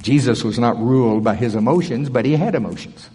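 A man preaching a sermon at a church service, animated, swinging from loud bursts to soft asides. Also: mid-range voice, brisk, slightly rough, in a large hall.

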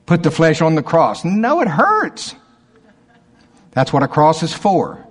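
A man preaching a sermon as a pastor, acting out objections from his listeners in a higher voice. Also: moderate pace. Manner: animated preaching, voicing objections in a higher pitch.

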